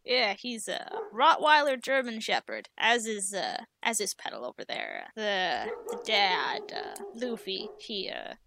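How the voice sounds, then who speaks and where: A woman voicing a gentle, easygoing man who dotes on his dogs, speaking softly and hesitantly with little chuckles. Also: mid-range voice, wildly swooping pitch, unhurried, gravelly, hardly any pauses, full character voice. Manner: soft-spoken, hesitant, chuckling. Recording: noisy recording.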